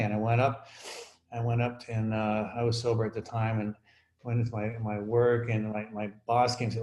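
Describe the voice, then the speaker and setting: A man sharing his own recovery story at an online meeting, halting and reflective with many fillers. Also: on the low side, completely flat delivery, darkish tone, reverberant.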